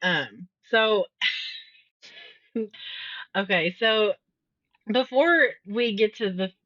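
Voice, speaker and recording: A woman's voice: mid-range voice, very slow, no room sound, dull audio. A woman co-hosting a podcast, chatting casually about a book, laughing often and acting out quotes. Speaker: podcast co-host.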